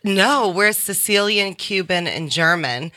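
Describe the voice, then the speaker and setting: Giggly bright-voiced young woman. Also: mid-range voice, expressive, takes it slowly. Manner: giggly, chatty, says "like" a lot. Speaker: guest. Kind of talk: casual chat.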